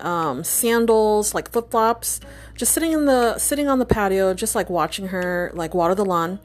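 A woman telling a personal story in a casual, chatty way, full of fillers and restarts and acting out the voices of the people in it. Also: mid-range voice. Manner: animated, chatty, many fillers and restarts, acts out quoted voices. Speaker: storyteller and psychic nurse.

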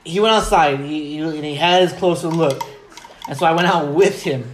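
A man's voice: on the high side, moderate pace, echoey room, soft background music. A man telling a story in casual chat, swearing a lot and laughing as he goes. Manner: profane, laughing, animated retelling.

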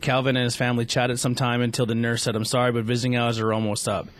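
A man's voice: medium pitch, level tone, quick pace. Man stumbling through a read-aloud. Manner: stumbling read-aloud with frequent restarts and fillers. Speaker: podcast host. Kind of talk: casual chat, reading a story aloud.

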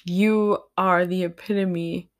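A woman's voice: lowish voice, steady tone, slow pace. A woman hosting a faith-based podcast, speaking earnestly and tenderly to her listeners, near tears. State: tearful, near crying. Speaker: podcast host.

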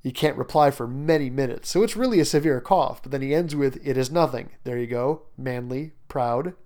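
A man's voice: mid-range voice, normal speed, a little mellow. A man teaching a short story in a lecture, talking animatedly and emphatically with many fillers and asides. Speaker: literature teacher. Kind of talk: lecture on a short story, reading passages aloud.

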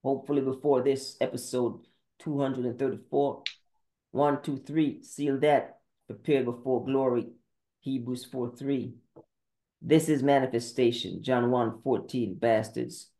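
A man's voice: medium pitch, fairly even intonation, a little slow, warm tone. A man preaching a sermon monologue, firing off terse Bible verse citations in a confrontational way. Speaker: podcast preacher. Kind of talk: scripture-citing sermon monologue.

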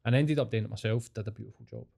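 A man's voice: on the low side, very fast, gravelly, darkish tone. Sweary Scottish man telling rambling stories. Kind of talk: casual chat.

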